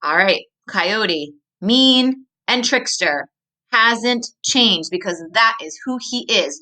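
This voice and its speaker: Bright-voiced woman teaching. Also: medium pitch, lively intonation, low-quality recording. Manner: asks questions, slows to stress key words. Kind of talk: reading aloud and explaining a story to children.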